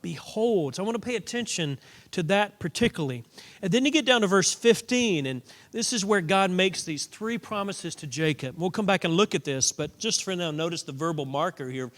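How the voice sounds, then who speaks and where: A middle-aged man preaching a Bible class lesson, teaching in a conversational way with frequent restarts. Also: a little high. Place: church auditorium. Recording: long hall reverb.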